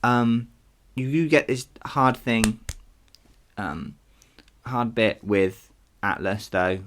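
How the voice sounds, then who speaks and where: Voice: medium pitch, slow pace, fairly bright tone. A podcast host talking casually on their own, chatty and self-deprecating, with frequent asides. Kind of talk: casual solo podcast commentary.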